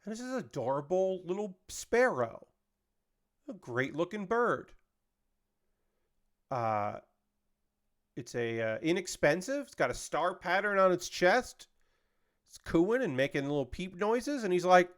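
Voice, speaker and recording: A man with a somewhat high voice chats loosely with viewers as he builds a kit. His talk rambles and wanders while his hands stay busy. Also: lively intonation, measured pace, fairly bright tone. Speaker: streamer building a model kit. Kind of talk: casual chat on a livestream.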